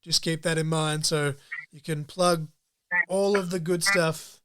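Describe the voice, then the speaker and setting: A man's voice: a little high, fairly even intonation, a little slow, fairly bright tone, clear, resonant tone. A man hosting a podcast interview in a chatty, jokey manner, laughing often. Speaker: podcast host. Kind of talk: casual interview chat.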